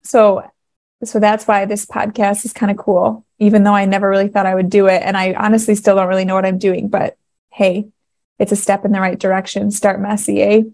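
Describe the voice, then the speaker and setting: A woman's voice: medium pitch, completely flat delivery, brisk, gravelly, darkish tone. Woman, 30s, solo podcast host. Earnest, emotional, casual storytelling. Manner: emotional, earnest, laughing through tears. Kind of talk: casual faith podcast monologue.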